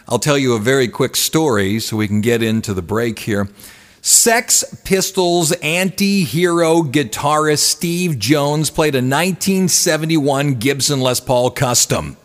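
A chatty male radio host spinning quick rock anecdotes and ribbing his co-host. His voice sits at a middle pitch. It carries a long, hall-like reverb. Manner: chatty storyteller, playful teasing. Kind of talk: casual radio chat.

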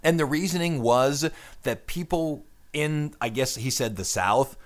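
A man's voice: mid-range voice, lively intonation, a little slow. Chatty man hosting a radio show. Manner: chatty, wry, tangent-prone. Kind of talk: casual radio chat. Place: radio studio.

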